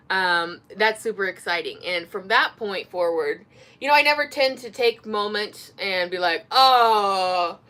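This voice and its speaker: A woman's voice: mid-range voice, sharp tone. A woman with an Indiana accent, an author chatting casually to camera in a rambling way, full of fillers and restarts. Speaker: author and vlogger. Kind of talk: casual chat.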